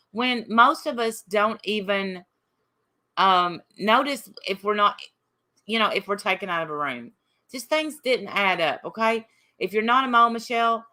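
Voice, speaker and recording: This livestream host is an Appalachian woman whose medium-pitched voice is bright with a forceful tone. During her casual stream she combatively reads and replies to her chat's comments.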